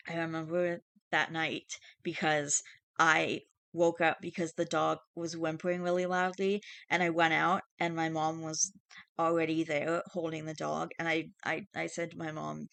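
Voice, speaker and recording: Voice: medium pitch, flat delivery, normal speed, gravelly, a bit bright, smooth, dry recording. A young adult YouTuber reading Reddit posts aloud and reacting in a rambling, chatty way, full of fillers and casual swearing.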